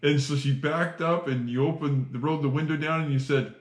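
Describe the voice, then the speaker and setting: A man's voice: medium pitch, steady tone, normal speed, few pauses, roomy sound. A man interviewing an old firefighter colleague, friendly and affirming as he recalls shared memories. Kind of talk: casual interview.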